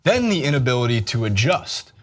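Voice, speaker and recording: Guy hosting a sports show, talking football with his buddies, mid-pitch, loose and jokey. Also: fairly quick. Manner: animated, jokey, breaks into laughter. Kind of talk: casual sports banter.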